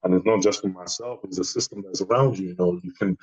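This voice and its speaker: A man's voice: low voice, quick pace, husky, no echo, lo-fi sound. A man being interviewed as a guest, speaking casually and telling stories with many restarts. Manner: animated storytelling, many restarts. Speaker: bodybuilder guest.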